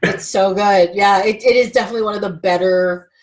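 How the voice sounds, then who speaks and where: A woman hosting a podcast, talking in a casual, animated way with lots of filler words. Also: mid-range voice, brisk, poor audio. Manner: animated, chatty, many "like" fillers. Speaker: podcast host. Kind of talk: casual chat.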